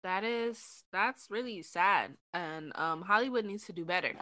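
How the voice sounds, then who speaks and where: A young woman co-hosting a casual podcast chat, animated and laughing, getting loud when she makes a point. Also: medium pitch, a little slow, crowd noise. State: eating dinner while talking. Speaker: podcast co-host.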